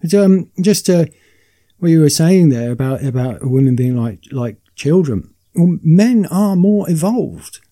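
Very mellow man, stammering chat. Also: a little high, animated, a little slow. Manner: stammering, with repeated words. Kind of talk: casual podcast chat.

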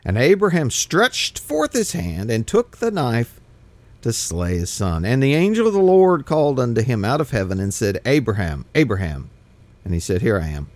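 A man's voice: mid-range voice, huge pitch swings, normal speed, darkish tone, dry recording. A man teaching a Bible study, reading scripture aloud and commenting with emphatic repetitions and restarts.

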